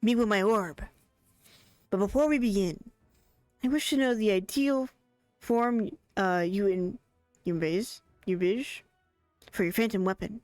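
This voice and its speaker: A woman's voice: medium pitch, a little slow, pauses often, a little mellow, dry recording, faint music behind, lightly acted. A woman voicing a male weapon smith in a put-on Irish accent, reading game dialogue aloud and stumbling over some words. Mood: theatrical. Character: male weapon smith, mock-formal and grand.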